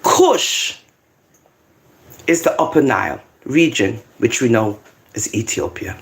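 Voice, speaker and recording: Excitable reader. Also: medium pitch, moderate pace, a little hiss or hum. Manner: excitable, animated, swings between loud bursts and quiet asides. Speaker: Rastafarian Bible reader. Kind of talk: Bible reading with commentary.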